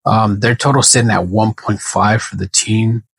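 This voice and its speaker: A man's voice: lowish voice, steady tone, normal speed, gravelly, husky, no room sound, rough recording. A man making casual soccer betting predictions on his own, thinking aloud and correcting himself as he goes. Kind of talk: casual solo prediction talk.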